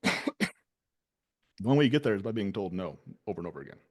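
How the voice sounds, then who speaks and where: A man's voice: on the low side, very animated, a little fast. A man hosting a casual business talk, loose and conversational, with many fillers. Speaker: business owner and show host.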